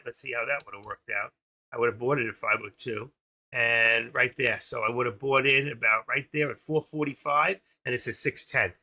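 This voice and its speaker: A middle-aged man with a gravelly, bright-edged voice runs a casual trading livestream. He rambles quickly through charts and tickers in an easygoing way. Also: medium pitch. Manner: rambling, talks fast while clicking through charts. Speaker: stock trading livestream host. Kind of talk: casual live screen-share commentary.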